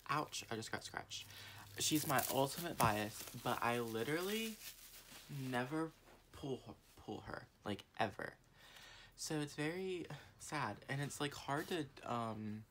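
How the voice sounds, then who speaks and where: Very low-voiced chatty young woman. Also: background noise. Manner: chatty, rambling with many fillers and restarts; gushing fan, swings from low murmuring to excited squeals. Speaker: vlogger. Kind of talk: casual unboxing haul vlog.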